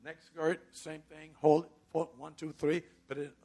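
A middle-aged male preacher tells a personal story in his sermon, chatty and easy. His voice sits on the higher side and has a gravelly, husky grain. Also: flat delivery, normal speed, dark tone. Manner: conversational, drifts into voices of the people in his story.

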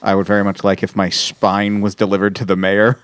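A man co-hosting a podcast, joking sardonically with swearing and quick tangents. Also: fairly low pitch, monotone, clean tone, no echo. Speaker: podcast co-host. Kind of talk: casual comedic chat.

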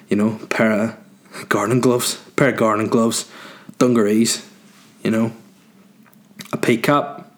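A man with a Northern Irish accent delivering a rambling comic monologue as a podcast host. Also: lowish voice. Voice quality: rambling, tangent-prone delivery.

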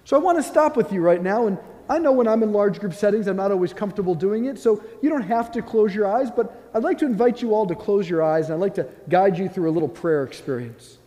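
A mellow, fairly high-voiced man preaching as a priest. He speaks earnestly and gently, with soft pauses, as he leads a guided prayer. His voice rings with a long church reverb. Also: expressive.

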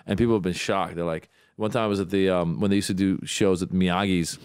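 Low, smooth-voiced man chatting. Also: fast, no room sound, clean studio sound. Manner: relaxed, chatty, laughs easily. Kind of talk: casual chat.

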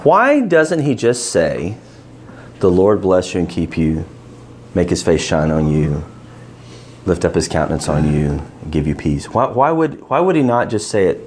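A man leading an interactive Bible study, asking his class questions and stressing key words with animated emphasis. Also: deep voice, unhurried, slight background noise.

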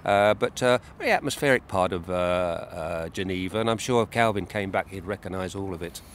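A man's voice: sits low, brisk, a little hiss or hum. A man chatting casually, telling stories of street preaching with frequent laughs and fillers. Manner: chatty storyteller, laughs often, many "uh" fillers. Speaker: co-host recounting street preaching trips. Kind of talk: casual chat.

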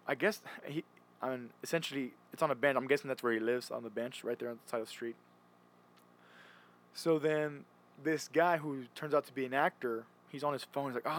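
A man's voice: medium pitch, a bit bright. A young man chatting casually, rambling and restarting often as he retells stories. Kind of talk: casual chat.

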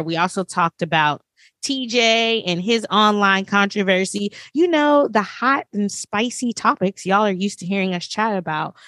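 A woman co-hosting a podcast, reading sponsor shout-outs in a lively, animated way. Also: dry recording, clean studio sound. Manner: lively, animated, swings her pitch high and low. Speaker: podcast co-host.

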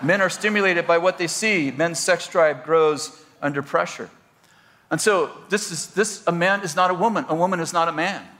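A man's voice: on the high side, moderate pace. A man preaching a humorous sermon as a pastor and marriage counselor, telling stories and acting out the people in them. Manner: storytelling, animated, acts out quoted people.

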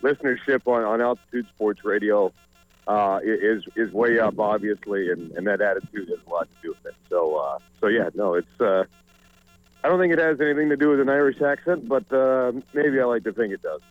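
A man who calls hockey on radio, a guest telling stories in a self-deprecating, animated way. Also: on the low side, brisk, dry recording, narrow, tinny audio, soft background music. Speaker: play-by-play hockey broadcaster, guest. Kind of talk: casual radio interview.

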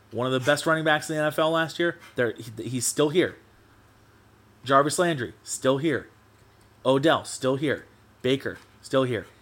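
Ranting sports podcast host, man. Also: medium pitch. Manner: animated, ranting, swears casually. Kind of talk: solo sports podcast monologue.

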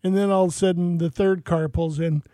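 A middle-aged man co-hosting a radio show, telling a story with lively quoted voices. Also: sits high, fairly quick, no echo. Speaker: radio co-host. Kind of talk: casual radio banter, storytelling.

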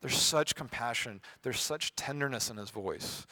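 A man preaching a sermon, swinging from hushed, soft passages to loud, emphatic ones and acting out quoted voices. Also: mid-range voice, animated, slow pace, few pauses. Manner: acts out quoted voices with sarcasm.

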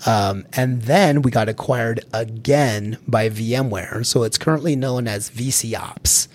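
A middle-aged man from Colorado recounts his career in a relaxed interview. He talks in a lively, easygoing way, laughs often and repeats a word or two as he gets going. His voice sits at an ordinary pitch. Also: takes it slowly. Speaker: guest, security executive. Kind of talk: casual career storytelling.

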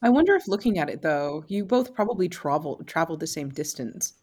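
Brief: woman podcast co-host, lower voice, dry wry humor, relaxed chat. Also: a little fast. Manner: wry, deadpan jokes. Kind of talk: casual chat.

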